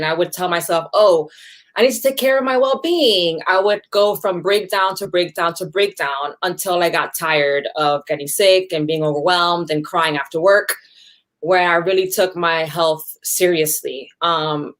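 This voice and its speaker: A woman speaks as a guest over a video call, with a voice a touch low. She talks earnestly and emphatically and acts out the voices she quotes. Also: fairly bright tone. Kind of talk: earnest personal talk.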